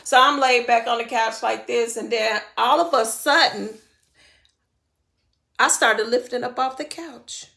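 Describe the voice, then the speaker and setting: Gravelly, bright woman telling a wild story. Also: measured pace. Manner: animated, laughing, breaks into high squealing exclamations; slangy, conversational, addresses viewers directly. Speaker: vlogger telling a personal story. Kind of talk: casual storytelling to camera.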